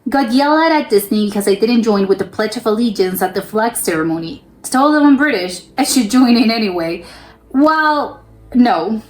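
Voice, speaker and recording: A woman's voice: fairly high pitch, lively intonation, normal speed. A young woman from the United States hosting a reaction video, reading comments aloud and reacting with laughs and disbelief. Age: young adult.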